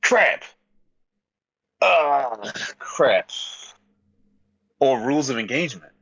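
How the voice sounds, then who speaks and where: A man co-hosting a casual podcast, thinking out loud and hedging his guesses. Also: mid-range voice, animated, slow pace, no room sound, highs cut off. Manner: thinks aloud, hesitant guesses. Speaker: podcast co-host. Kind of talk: casual chat.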